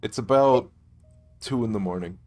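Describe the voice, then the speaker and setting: A man's voice: on the low side, normal speed, darkish tone, faint music behind. A man narrating casually as game master in a tabletop game, with frequent swearing.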